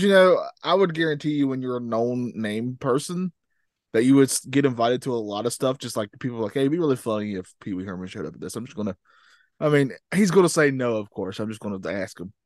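A man's voice: medium pitch, brisk, no room sound, clean studio sound. A man co-hosting a podcast in casual chat, easygoing and agreeable, chiming in with "yeah" and laughing. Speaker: podcast co-host.

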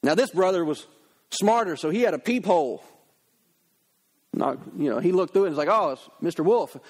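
Male pastor, sermon, lively conversational storytelling, high voice. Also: fairly quick.

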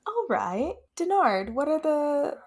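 A woman's voice: high-pitched, sing-song, takes it slowly. A woman co-hosting a podcast in casual chat, curious and asking lots of questions. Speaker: podcast co-host.

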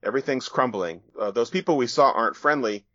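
A man's voice: medium pitch, expressive, fast talker, a bit bright, no room sound, pitched above the performer's own voice, close to an everyday voice. A man voicing a grumpy male soldier who complains with dry sarcasm. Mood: sarcastic. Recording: dull, dry sound.

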